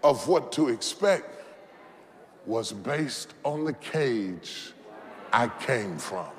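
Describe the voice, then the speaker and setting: A man preaching a sermon as a bishop, impassioned, building to shouts and having the congregation repeat phrases after him. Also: mid-range voice, expressive, extremely slow. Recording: reverberant hall with faint background noise.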